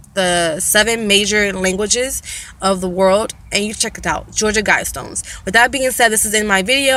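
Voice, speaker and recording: A young woman talking casually to camera in her own vlog, animated and opinionated, often restarting with fillers. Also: mid-range voice. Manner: animated, mimics slang in a raised voice. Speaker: vlogger.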